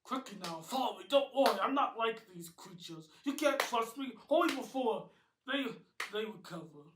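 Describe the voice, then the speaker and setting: A man plays a friendly blue cartoon creature, urgent and pitched up high. The mic is far off in an echoey room. Noise hums underneath. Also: normal speed, close to an everyday voice. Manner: urgent, rising excited delivery.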